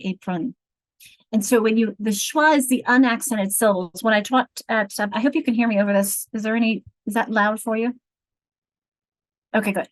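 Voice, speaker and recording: A woman leading an online teacher training on reading instruction from home, explaining patiently and slowly sounding out example words. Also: fairly high pitch, no room sound, poor audio. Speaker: literacy instructor.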